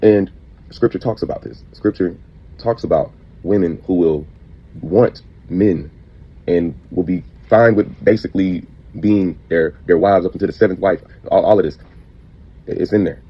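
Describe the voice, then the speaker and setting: A man's voice: low-pitched, moderate pace, husky, dull audio. A man earnestly recounting a dream as a testimony.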